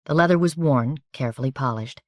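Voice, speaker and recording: A woman's voice: rumbling low, brisk, a little mellow, dry recording, clean studio sound. Woman reading an audiobook evenly. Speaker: audiobook narrator. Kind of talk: scripted narration.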